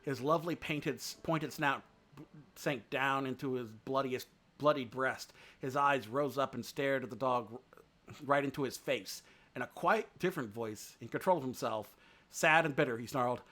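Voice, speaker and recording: A man reading a book aloud on a live stream, with expressive pacing and dramatic pauses. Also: mid-range voice.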